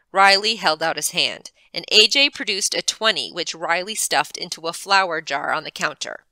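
A librarian reading a chapter aloud with expressive, animated narration, close to the mic. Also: female voice, lowish voice, moderate pace, few pauses, dry recording. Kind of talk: storybook read-aloud.

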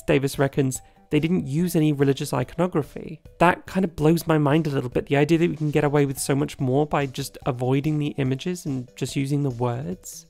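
Wry, gravelly video essayist. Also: male voice, on the high side, darkish tone. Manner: chatty, wry, opinionated. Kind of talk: scripted narration.

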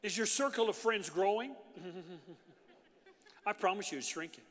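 A man preaching a lively sermon, talking with his congregation and tossing them asides as he goes. His voice is bright and forceful, a little higher than most men's, and it rings out across a large church hall with a long echo. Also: a little slow. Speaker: pastor.

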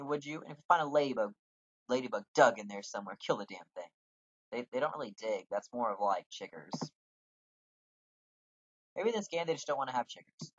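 Sarcastic gamer riffing on a fantasy game, husky voice, pitch all over, dull dry mic. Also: no echo. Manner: sarcastic, swearing, jokey. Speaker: let's play gamer. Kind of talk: casual game commentary.

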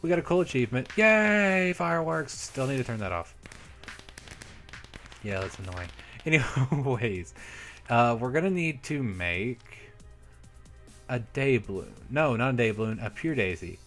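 A man's voice: mid-range voice, animated, moderate pace, long pauses. A young man hosting a let's play, chatting casually to viewers about what he is doing in the game. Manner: chatty, upbeat, talks to viewers while playing. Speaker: Minecraft let's play host. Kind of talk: casual gameplay commentary. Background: soft background music.

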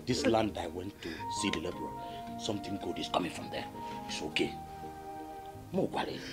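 An actor with a Nigerian accent playing a pleading husband who keeps calming his wife and sister. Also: sits low, a little fast, loud music behind the voice, natural voice. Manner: pleading, soothing, repeats himself. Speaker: husband and brother in the family. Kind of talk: Nollywood film acting.

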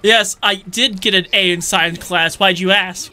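A man talks through his gameplay with jokes and excitable running commentary. His voice is very bright and sharp, and he often bursts into shouts. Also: high-pitched, measured pace. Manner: jokey, excitable, shouts reactions. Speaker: let's play host.

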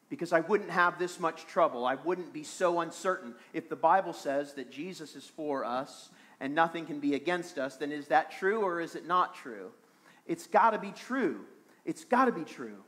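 A man's voice: sits high, normal speed, fairly bright tone. A man preaching a sermon as pastor of a small church, earnest and repeating phrases for emphasis.

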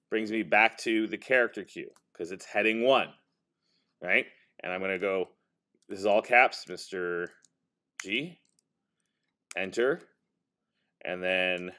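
A male teacher casually demonstrating software to a high school class, talking as he types and correcting himself along the way. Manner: casual, talks while typing, self-correcting.

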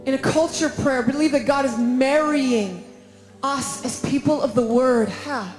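A woman's voice: sits high, measured pace, darkish tone, some chatter behind. A woman preaching and praying fervently at a conference, with emphatic, repeated phrases. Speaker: conference speaker. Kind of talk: sermon with prayer. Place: large conference hall. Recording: echoey hall with faint music.

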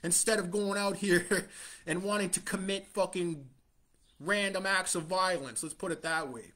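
High-voiced man preaching like a mobster. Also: moderate pace, bright, forceful tone. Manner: swaggering mobster tough-guy talk, heavy swearing; scornful, blunt, chuckles between lines. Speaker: self-styled preacher. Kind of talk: profane street-style sermon.

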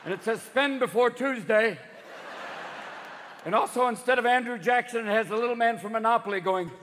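A man in his fifties doing stand-up comedy, rapid and profane, jumping between voices. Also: very high voice, big-room sound. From United States. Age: 50s. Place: large theater stage. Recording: live theater show with crowd noise.

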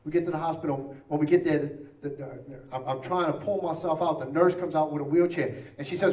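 A man preaching, telling a story in an animated way and acting out the lines of each person in it. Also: fairly high pitch, brisk, hardly any pauses. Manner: animated, acting out quotes, repeats himself. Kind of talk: sermon storytelling. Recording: roomy church sound from a distant mic.

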